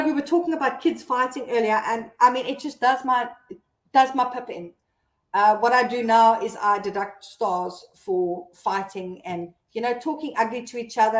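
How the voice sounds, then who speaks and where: A woman's voice: medium pitch, echoey room. A South African woman hosting a casual live stream, chatting and laughing as she reads out viewer comments.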